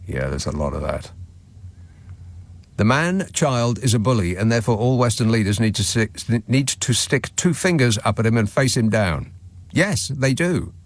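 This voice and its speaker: A male radio talk show host with a lowish, expressive voice delivers a late-night phone-in monologue at a moderate pace, sardonic and chuckling as he reads listener messages and comments on them. Recorded on a studio microphone with no echo.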